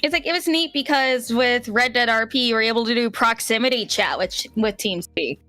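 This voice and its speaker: A wry, chatty woman co-hosting a podcast over a call. Her voice is bright, with faint music behind her. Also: a little high, brisk, no room sound. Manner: chatty, wry, trailing fillers. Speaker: podcast co-host. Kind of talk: casual chat.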